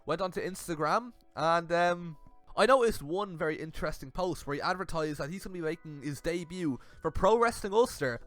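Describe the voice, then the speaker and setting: A young man giving comedic commentary on messages, animated and laughing often. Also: high voice. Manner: animated, laughing, switches into silly voices for messages. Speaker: YouTube commentator.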